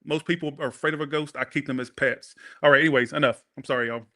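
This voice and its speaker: A chatty man giving a tarot reading in a bright, forceful voice. He wanders off on tangents, swears casually and talks straight to his viewers. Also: mid-range voice, fairly even intonation, fast talker. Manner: rambling, profane, talks to viewers. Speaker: tarot reader.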